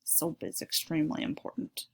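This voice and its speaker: A woman voicing a patient father who gently corrects his son, in a children's story read aloud. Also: moderate pace, close to an everyday voice.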